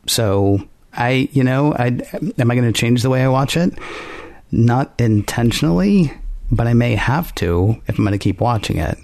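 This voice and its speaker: A man's voice: mid-range voice, expressive, normal speed, a little mellow, no room sound, studio quality. A man co-hosting a podcast, thinking aloud in casual talk and rambling through restarts. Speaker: podcast co-host.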